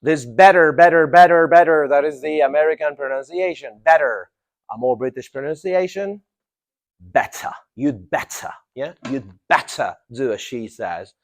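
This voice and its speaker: Teaching English grammar to a class, this man speaks at a medium pitch in an animated way. He poses questions to students and says important phrases again slowly.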